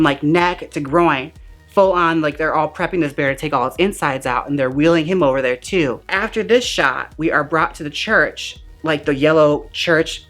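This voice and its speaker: A woman with a low voice recaps a movie in a campy, sassy way. Her talk is full of slang, and she jumps into the characters' lines as she tells the story. Faint music plays underneath. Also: a bit bright. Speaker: movie reviewer.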